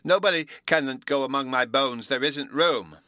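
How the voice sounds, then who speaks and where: A man's voice: medium pitch, normal speed, sharp tone, dry recording, studio quality, voice pushed up, close to an everyday voice. A man reading a storybook aloud, voicing a small, stubborn little boy who talks back in indignant, ungrammatical sentences. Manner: indignant, ungrammatical child's talk.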